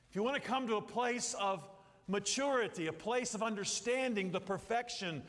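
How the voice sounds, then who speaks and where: A middle-aged pastor with a fairly high, slightly bright voice preaches at a moderate pace. He wanders off topic, tosses in jokey asides and acts out little quotes, while a long hall reverb lingers after his words.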